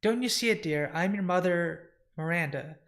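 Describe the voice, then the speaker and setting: A man voicing a frail elderly woman who speaks softly and fondly. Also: high-pitched, moderate pace. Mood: tender. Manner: soft, fond, apologetic.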